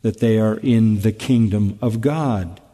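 A man preaching an expository sermon, emphatic and deliberate, asking rhetorical questions and repeating key phrases. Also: on the low side, mellow, long reverb tail. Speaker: pastor.

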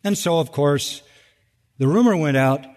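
A man preaching a sermon as pastor, animated, acting out quoted voices with big jumps in pitch and sarcastic emphasis. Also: measured pace, in a large hall.

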